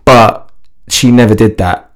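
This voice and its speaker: A man with a lowish voice chats as a guest about his own path, animated and quick to laugh. He often breaks off and restarts his sentences as he thinks aloud. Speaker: fitness TV presenter, interview guest. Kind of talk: casual interview chat.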